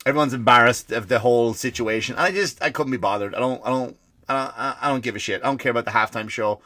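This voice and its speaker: Irish man ranting, bright and dry. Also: mid-range voice, quick pace, no echo. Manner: rambling, profane, stammering restarts. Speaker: comedian and podcast host. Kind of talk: comedic rant.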